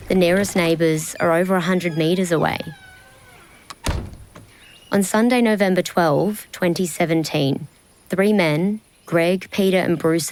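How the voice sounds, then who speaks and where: An Australian woman hosts a true-crime podcast, narrating from a script. Her voice sits low and even, measured and deliberate. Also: a little hiss or hum, rough recording. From Brisbane, Australia. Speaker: investigative journalist and podcast host.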